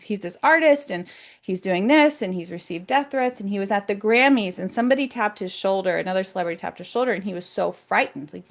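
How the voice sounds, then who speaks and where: An American woman talking casually to her viewers, excited and emphatic, often repeating words for stress. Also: mid-range voice. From United States. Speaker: self-described psychic vlogger. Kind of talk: casual monologue to camera.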